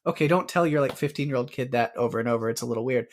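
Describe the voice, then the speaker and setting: A man co-hosting a movie podcast, chatting casually and rambling with lots of fillers and quick laughs. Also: mid-range voice. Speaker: podcast co-host. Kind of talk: casual movie review chat.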